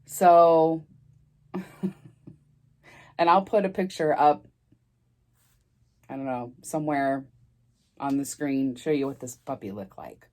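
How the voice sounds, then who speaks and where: Low-voiced woman telling a chatty story. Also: measured pace, long pauses, a little mellow. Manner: rambling, with many fillers and restarts; chatty, laughs as she talks. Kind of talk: casual storytime chat.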